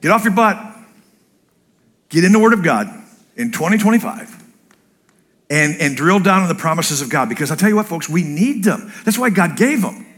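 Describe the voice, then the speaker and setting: A male pastor preaching a sermon in church, blunt and joking, an animated storyteller who acts out other people's voices. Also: sits high, moderate pace, long pauses.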